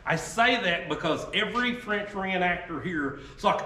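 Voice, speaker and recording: Southern guy chatting in a folksy way, kinda high voice, echoey room, mic far away. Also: normal speed, few pauses, sharp tone. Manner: folksy, keeps tagging "okay?". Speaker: musket maker and reenactor. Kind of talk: casual talk to a reenactor group. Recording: echoey sound from a distant mic with faint noise.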